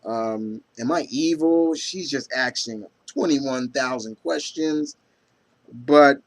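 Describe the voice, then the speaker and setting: Rambling man reviewing comics casually. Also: mid-range voice. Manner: rambling, filler-heavy, stumbles over names; reads out comic quotes with enthusiasm.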